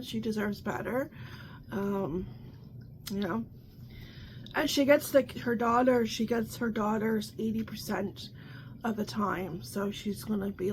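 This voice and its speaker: A woman's voice: mid-range voice, slight background noise. A woman hosting a casual coffee chat, talking in a chatty, exasperated way with many restarts and frequent laughter. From Canada. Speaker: vlog host.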